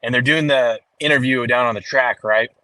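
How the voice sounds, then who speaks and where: A man co-hosting a casual sports stream who tells stories in an animated, loose way and swears freely. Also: mid-range voice, normal speed, no echo, rough recording. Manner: animated storyteller, loose and profane.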